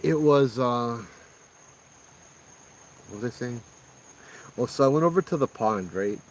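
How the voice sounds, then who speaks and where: A man hosting a live stream outdoors at night, telling his own ghost stories in an excited, rambling way with lots of fillers. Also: medium pitch, unhurried, poor audio. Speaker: paranormal storyteller host. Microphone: phones streaming live.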